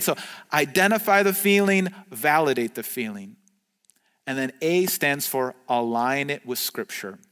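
A pastor delivers an earnest, conversational sermon, stumbling through restarts and fillers as he goes. His voice sits a little high for a man, and a long reverb trails each phrase as if he were in a large hall. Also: fairly bright tone. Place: church video recorded during the pandemic.

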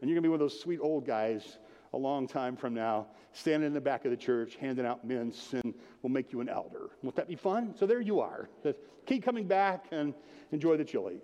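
A man's voice: medium pitch, lively intonation, fairly quick, mellow, highs cut off. A man preaching a sermon as pastor, casual and jokey, talking straight to the congregation. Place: church. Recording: long hall reverb.

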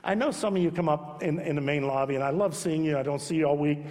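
A man preaching a sermon as pastor, emphatic, swinging between loud urging and soft hushed repetition. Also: on the high side, quick pace. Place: church sanctuary. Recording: long hall reverb.

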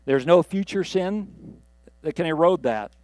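A man's voice: fairly high pitch, animated, unhurried, a little mellow, dry recording. A man preaching a sermon from the pulpit, reading scripture and building earnestly to emphatic peaks. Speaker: pastor.

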